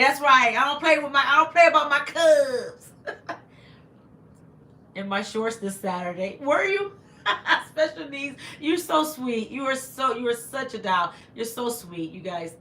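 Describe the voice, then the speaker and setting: Unhurried yet expressive, a woman with a high-pitched, sharp voice hosts a casual livestream, with a little hiss or hum audible. She's slightly congested, the room echoes, and she keeps reading viewers' comments and thanking them.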